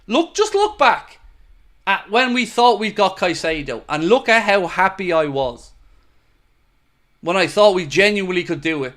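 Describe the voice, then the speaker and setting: A man's voice: high voice, expressive, normal speed, fairly bright tone. Frustrated, emphatic man hosting a live fan stream. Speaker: fan channel host. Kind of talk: live stream reading super chats.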